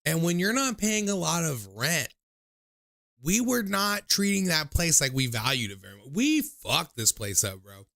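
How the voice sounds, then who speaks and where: With a creaky, slightly bright voice, a young man hosting a livestream with call-ins tells casual stories that ramble, swear and lean on fillers, mimicking people in high voices when quoting them. He's very animated at a normal speed, and the sound is clean studio with no room sound.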